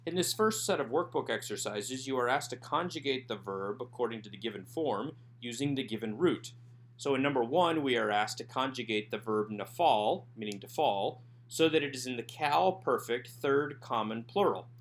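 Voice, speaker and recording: A man narrating a recorded language lesson over slides, sounding out words slowly and carefully. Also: mid-range voice, animated. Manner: slow, careful enunciation of Hebrew words. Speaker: Hebrew teacher.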